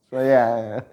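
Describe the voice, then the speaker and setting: A man vlogger telling stories in a casual chat, profane and animated, laughing as he tells them. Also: mid-range voice.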